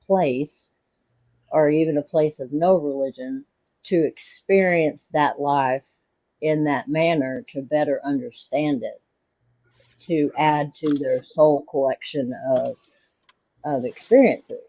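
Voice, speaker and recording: A middle-aged woman talking in an unhurried, reflective way in a spiritual chat. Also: low-pitched, dark tone, no echo, highs cut off.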